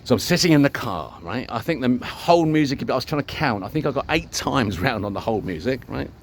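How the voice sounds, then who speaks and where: A man's voice: mid-range voice, expressive, a little fast, slight background noise. An older man tells a long, rambling story in a casual vlog, swearing freely and acting out the dialogue. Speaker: vlogger.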